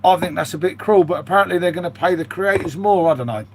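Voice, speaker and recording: A man's voice: high-pitched, quick pace, slight background noise. A British man chatting casually to his live-stream viewers, rambling and calling them "mate". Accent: British English. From United Kingdom. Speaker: live streamer reading chat.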